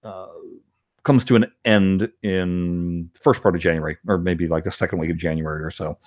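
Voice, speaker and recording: A man's voice: sits low, moderate pace, no room sound, clean studio sound. A middle-aged man hosting a podcast in casual chat, talking with lots of fillers and frequent laughs. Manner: animated, laughs often, many fillers. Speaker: podcast host.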